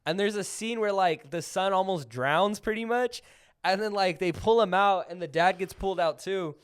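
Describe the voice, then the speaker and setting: A young man co-hosting a podcast, chatting casually about movies in an animated way, laughing and acting out quotes. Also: sits high, moderate pace, clean tone. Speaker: podcast co-host. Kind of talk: casual movie review chat.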